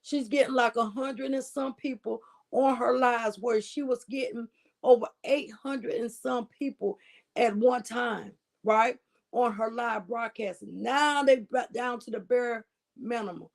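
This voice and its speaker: A woman's voice: a little high, measured pace, creaky. Preachy woman commentary host. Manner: preachy, emphatic, asks "right?" often. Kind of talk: casual commentary.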